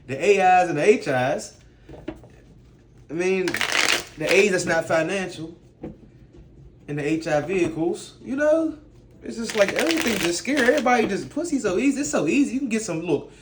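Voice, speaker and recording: A man's voice: high voice, noisy background. A man ranting in a casual vlog, blunt and profane, firing off rhetorical questions. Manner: blunt, profane street talk. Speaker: vlogger. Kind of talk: casual rant to camera.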